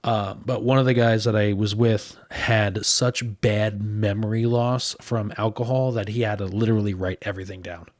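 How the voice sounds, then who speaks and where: A man's voice: lowish voice, fairly even intonation, normal speed, few pauses, no room sound, clean studio sound. A man from northern New Jersey, a podcast host telling a story in a casual, chatty way full of fillers and raised mimicking voices.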